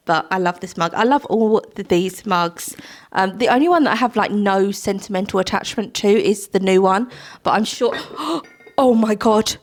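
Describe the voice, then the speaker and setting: A woman's voice: medium pitch, normal speed. A young woman chatting casually to camera at home, sentimental and laughing often. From Britain. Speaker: vlogger. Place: home, indoors.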